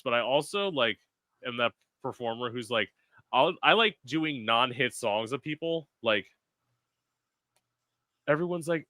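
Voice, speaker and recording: A male podcast host chatting casually, telling animated stories and swearing freely. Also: mid-range voice, dry recording. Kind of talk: casual chat.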